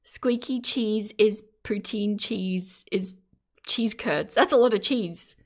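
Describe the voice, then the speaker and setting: An Australian woman with a medium-pitched voice talks slowly and casually on a livestream where she reacts to videos. She laughs a lot and teases her chat.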